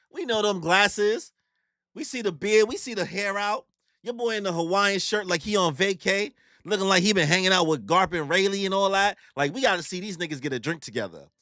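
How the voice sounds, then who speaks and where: A man's voice: on the high side, a bit bright, dry recording, clean studio sound. A young man casually recapping a manga chapter, telling it in heavy slang and acting out the characters' lines. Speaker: YouTube manga reactor.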